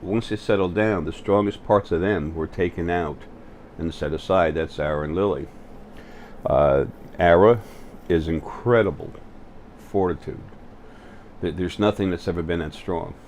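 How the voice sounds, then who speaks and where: Deep-voiced halting man. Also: a little mellow, a little hiss or hum. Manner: halting, full of fillers and restarts. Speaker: channel host. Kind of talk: spiritual vlog monologue. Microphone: facing the camera.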